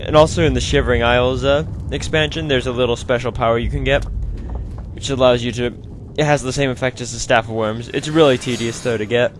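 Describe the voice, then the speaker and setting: A man's voice: medium pitch, slight background noise. A man hosting a video game let's play, talking through it in a chatty, rambling, self-mocking way. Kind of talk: casual gameplay commentary.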